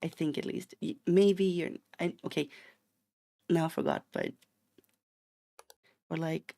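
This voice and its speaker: Playful Swedish man with a gravelly voice. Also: a little high, a little slow, long pauses, mellow. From Sweden. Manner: playful, rambling, mock-indignant outbursts. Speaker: streamer. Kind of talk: casual chat while gaming.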